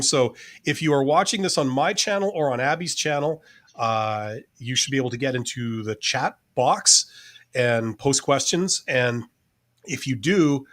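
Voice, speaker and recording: A man's voice: medium pitch, fairly bright tone. A man, a former CEO and hiring manager, co-hosting a live-stream career Q&A in a loose, conversational way, often repeating words as he thinks.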